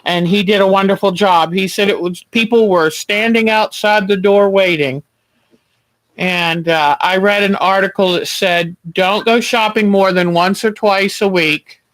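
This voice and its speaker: A man hosting a quilting livestream, chatting gently and reassuringly while he sews at home. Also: high voice, unhurried, dry recording, rough recording. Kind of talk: casual chat while sewing.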